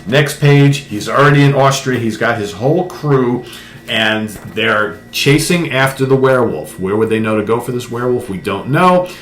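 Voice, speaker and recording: A man co-hosting a casual comic book talk show, retelling a story with animated asides. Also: medium pitch, moderate pace. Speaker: podcast co-host. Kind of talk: casual chat reviewing a comic. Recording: echoey room, faint noise.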